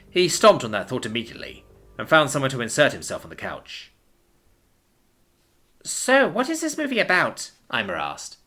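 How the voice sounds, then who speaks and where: Bright, lively male narrator. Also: mid-range voice. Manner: expressive storytelling. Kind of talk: audiobook narration.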